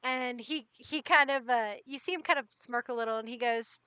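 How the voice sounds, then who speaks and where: A woman narrating as game master in a tabletop game, relaxed and full of fillers. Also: on the high side, normal speed, clear, resonant tone, dry recording.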